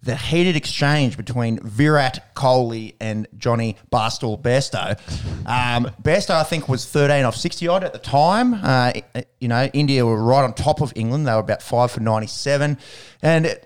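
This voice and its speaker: A man's voice: mid-range voice, moderate pace, clear, resonant tone. Joking man talking cricket. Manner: joking, laughs often, animated storytelling. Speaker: podcast co-host. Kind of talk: casual cricket chat.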